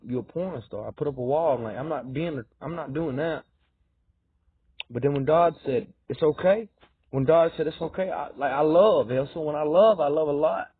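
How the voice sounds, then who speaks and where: A man rambling through a fervent, repetitive monologue, swinging between loud insistence and low muttering. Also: breathy edge, no room sound. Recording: tinny phone-like dry recording.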